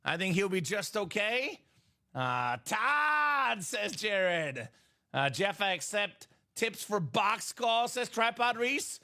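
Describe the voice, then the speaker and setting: A young man hosting a live sports card break, hyping items and bantering with viewers in quick sales patter. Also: high voice. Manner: energetic, shouts and jokes with viewers.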